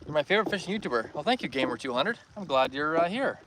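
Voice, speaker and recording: A man's voice: on the high side, fast talker, far from the mic. A young man from Northern Ontario, Canada, chatting casually with viewers while fishing on a lake outdoors. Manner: relaxed, chatty, reads and answers viewer comments. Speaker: fishing livestreamer. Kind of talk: casual live-stream chat. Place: outdoors by a lake on a windy day. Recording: loud wind noise over outdoor mic.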